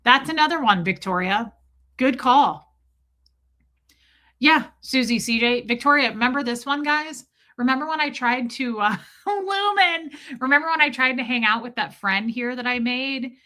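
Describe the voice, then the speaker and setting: A woman with a bright, forceful voice pitched a touch high hosts a casual live stream and chats with her viewers. She talks in an animated way, laughs easily and swears without a second thought. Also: moderate pace. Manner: animated, swears freely, laughs often, acts out quotes. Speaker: live-stream host reading chat.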